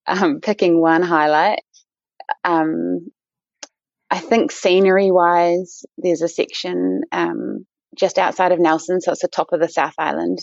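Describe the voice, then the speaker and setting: A woman's voice: low voice, gravelly, no echo. A woman with a New Zealand accent, a guest in a casual interview, chatty with many fillers and restarts. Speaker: guest, endurance runner. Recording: dull lo-fi dry sound.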